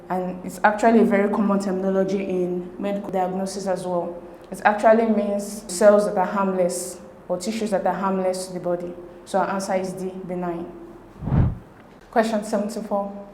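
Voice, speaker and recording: A woman, working through exam questions as a tutor in a steady, methodical way. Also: medium pitch, slight background noise. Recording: echoey room.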